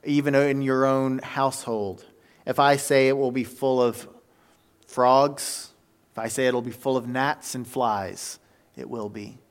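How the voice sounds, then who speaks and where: A man's voice: mid-range voice, fairly even intonation, measured pace. A man preaching a sermon, telling a story with energy and plenty of fillers and self-corrections.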